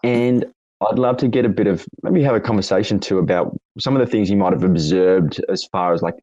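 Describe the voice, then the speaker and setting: Deep raspy Australian man hosting. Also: fairly quick, dark tone, no room sound. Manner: rambling, self-correcting questions with frequent fillers. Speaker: host. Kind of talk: casual audio chat interview. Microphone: online audio chat room. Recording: dull lo-fi voice-chat audio.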